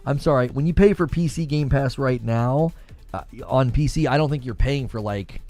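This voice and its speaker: A man's voice: medium pitch, moderate pace, warm tone, soft background music. A man hosting a casual gaming livestream, reading chat and talking back to it, laughing often.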